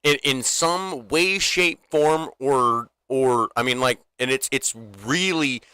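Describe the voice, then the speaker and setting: A man's voice: medium pitch, takes it slowly, bright, forceful tone, clear, resonant tone, no room sound. A man co-hosting a livestream in casual, unfiltered chat, rambling with lots of restarts and fillers and swearing freely. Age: adult, former military. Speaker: livestream co-host.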